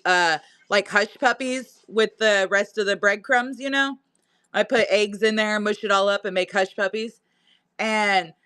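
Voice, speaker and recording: A high-voiced woman chatting on her own live stream, laughing often as she reads and answers comments. She talks slowly and unhurriedly, amused and easygoing from start to finish. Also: sharp tone. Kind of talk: casual live-stream chat. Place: her home, indoors.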